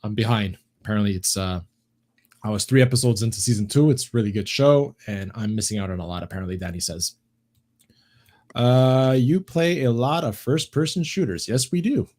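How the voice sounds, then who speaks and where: A man's voice: medium pitch, brisk, a little mellow. A man co-hosting a casual livestream podcast, chatting loosely and profanely and reading out viewer comments. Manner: loose, profane, reads chat aloud. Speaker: podcast co-host.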